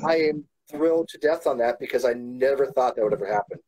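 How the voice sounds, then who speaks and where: A man's voice: medium pitch, quick pace, darkish tone, poor audio. A man talking earnestly in a casual chat, often repeating words as he starts his sentences. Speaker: YouTuber.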